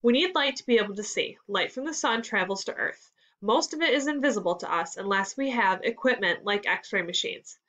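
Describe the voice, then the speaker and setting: A woman teacher reading a children's story aloud for a lesson in a clear, measured storytelling voice. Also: mid-range voice, expressive, fairly bright tone. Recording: slightly dull lo-fi sound.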